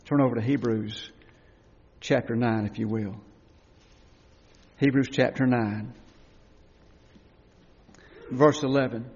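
A man's voice: mid-range voice, fairly even intonation, slow, pauses often, breathy edge. Impassioned male preacher in a reverberant church. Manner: impassioned preaching, swelling to loud cries and dropping to hushed tones. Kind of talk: sermon. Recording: dull, lo-fi recording with long hall reverb.

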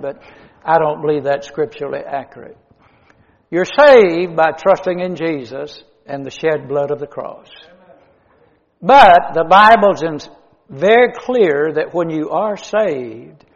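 Preacher, muffled and echoing. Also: male voice, on the high side, measured pace. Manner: dramatic swings from loud emphasis to hushed endings. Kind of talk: sermon. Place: church.

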